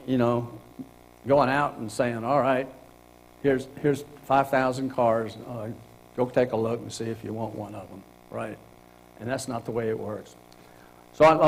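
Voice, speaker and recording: Middle-aged man, career workshop presenter, casual and animated, mid-pitched voice. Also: poor audio. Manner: animated, acts out example lines with laughs. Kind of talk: casual talk to a group. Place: meeting room.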